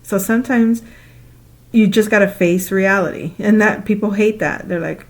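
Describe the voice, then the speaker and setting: A woman with a mid-range voice muses on life in a loose, conversational monologue. She is animated and playful, slipping into her own past thoughts with laughing asides and rattling off long lists. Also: mid-range voice, moderate pace. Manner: repetitive listing, loose conversational phrasing. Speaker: spiritual speaker. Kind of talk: casual spiritual monologue.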